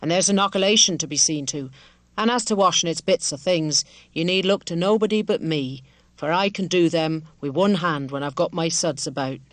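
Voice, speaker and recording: A kindly, simple village wife from a storybook, earnest and motherly, her homely country dialect rolling out in a lowered, even voice, as a woman reads her. The sound is dry and close. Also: moderate pace, dry recording, close to an everyday voice. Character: kindly rural village wife, middle-aged, simple and devout.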